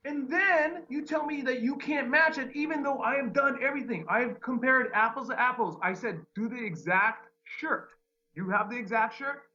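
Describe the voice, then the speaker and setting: A man telling a long, exasperated story about a customer service runaround, full of restarts and retold dialogue. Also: very high voice. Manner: animated, exasperated retelling with many restarts. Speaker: podcast host. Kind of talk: casual ranting story. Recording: dull lo-fi sound.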